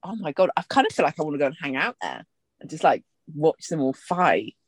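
A low-pitched woman co-hosts a casual podcast, exclaiming and playing things up. Her voice swings widely in pitch, and the sound is dry and close. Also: big pitch swings, brisk, slightly rough, no room sound. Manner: exclaiming, playful and dramatic. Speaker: podcast co-host. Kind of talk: casual chat.

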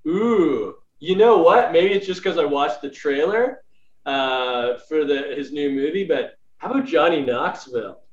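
A podcast co-host with a fairly high-pitched male voice speaks a little slowly in casual chat. He muses and thinks aloud as he answers, using fillers. The remote audio is roomy, dull and lo-fi.

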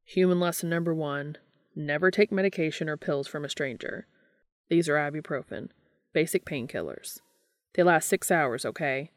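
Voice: mid-range voice, moderate pace, no room sound, clean studio sound, lightly acted. Reader playing a cocky, teasing male hunter. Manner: casual and teasing. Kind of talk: fan fiction audiobook reading.

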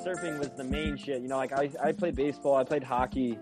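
A man's voice: medium pitch, steady tone, fast talker, over music. A man, a pro surfer talking in a laid-back, slangy, rambling way on a video call interview. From New York. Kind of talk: casual remote interview. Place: California.

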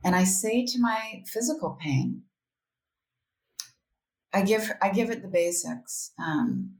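A woman's voice: mid-range voice, slow, gravelly, long pauses. A woman talking as a podcast guest, candid and reflective, often quoting her own inner voice. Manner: candid, reflective, animated, with quoted self-talk. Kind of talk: casual interview conversation. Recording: roomy echo.

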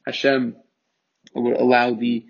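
Gravelly man teaching a Torah text. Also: mid-range voice, level tone, takes it slowly. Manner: reads Hebrew then explains in English, with fillers and restarts. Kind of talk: text study lesson, translating Hebrew line by line. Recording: muffled lo-fi recording.

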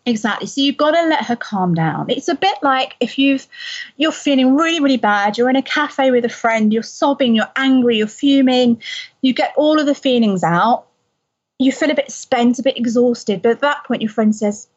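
Woman, bit high and husky, calm and gentle, talking parenting tips, kinda dull lo-fi sound. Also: normal speed. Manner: calm, gentle, soothing when voicing a parent. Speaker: parenting expert guest. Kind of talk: explaining parenting advice in conversation.

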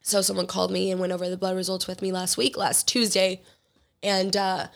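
A young woman hosting her own podcast, hoarse from illness, talking candidly and rambling in casual solo chat. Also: mid-range voice, level tone, brisk. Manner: candid, rambling, quotes others in conversation. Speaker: podcast host; fitness trainer and athlete.

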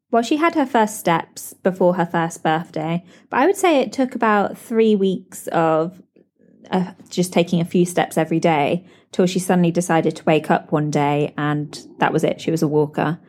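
A British woman hosting a podcast, telling animated stories with lots of laughs. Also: on the low side. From Britain. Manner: animated storytelling with frequent laughs and "like". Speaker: podcast host. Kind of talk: chatty solo podcast catch-up.

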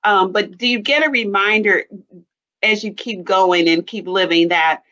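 A woman hosts an interview and asks her questions slowly. She hesitates and restarts as she looks for the right word. Her audio is dull and lo-fi. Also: medium pitch, pushed and bright. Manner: hesitant, searching for words. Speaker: interview host. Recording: dull lo-fi sound.

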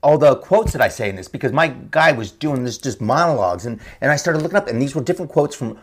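A man guesting as an actor in a casual interview, telling stories quickly and acting out what others said. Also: mid-range voice. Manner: fast, animated storytelling with quoted voices.

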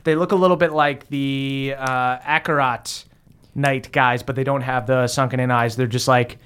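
A man's voice: medium pitch, steady tone, moderate pace, fairly bright tone, clear, resonant tone. A man narrating as game master of a tabletop game, hesitant, with many ums and uhs.

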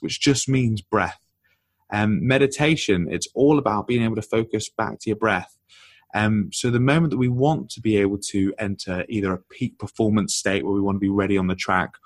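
A man's voice: medium pitch, no room sound. Man explaining animatedly, dry close sound. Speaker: podcast guest, author. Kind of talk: explanatory conversational talk.

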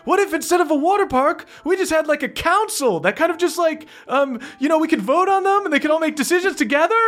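A game master voicing a hesitant high elf city guard who talks in halting bursts full of fillers. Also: animated, fairly bright tone. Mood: tentative.

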